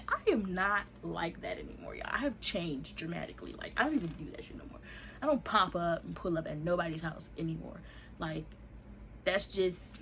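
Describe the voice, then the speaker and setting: A woman's voice: mid-range voice, a bit bright, a little hiss or hum. A young woman, casually telling a storytime vlog and acting out the people in it with raised voices. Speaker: vlogger.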